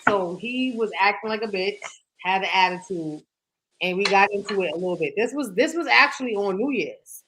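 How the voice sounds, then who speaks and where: Telling a dating story on the podcast she co-hosts, a young woman is candid and profane, saying "like" constantly. Her medium-pitched delivery is animated and a little fast, over a noisy background.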